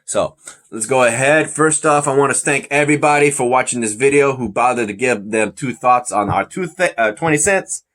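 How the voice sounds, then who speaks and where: A man's voice: medium pitch, moderate pace, fairly bright tone. A man hosting a casual podcast chat, rambling, joking and tripping over his words. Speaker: podcast host.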